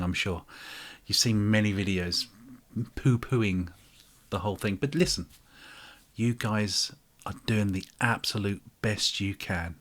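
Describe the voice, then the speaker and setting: Sarcastic man, mock-dramatic. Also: fairly low pitch. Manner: mock-dramatic, shifts into whispered asides; sarcastic, addresses listener directly. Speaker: channel host. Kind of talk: sarcastic open-letter monologue.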